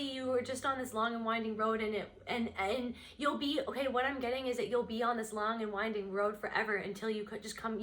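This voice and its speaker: A woman with a fairly high voice leads an unscripted tarot card reading. She wanders from thought to thought, voicing each intuitive impression the moment it arrives. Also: a bit bright. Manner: meandering and intuitive, voicing impressions as they come.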